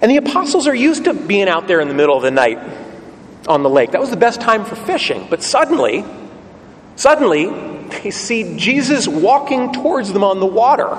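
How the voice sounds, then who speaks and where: A man's voice: high voice, very animated, fairly quick. A man preaching a sermon, telling the story vividly and putting rhetorical questions to the congregation. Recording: long church reverb, faint ambient noise.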